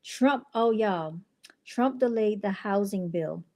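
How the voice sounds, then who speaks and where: A woman who founded a clothing brand hosts her own livestream channel, talking casually to viewers with chatty, exasperated asides. Her voice is medium-pitched, slow, and a little mellow.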